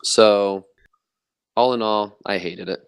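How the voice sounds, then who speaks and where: A man's voice: fairly low pitch, steady tone, slow pace, clear, resonant tone. Rambling young man co-hosting. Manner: rambling, lots of fillers. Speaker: podcast co-host. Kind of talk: casual chat.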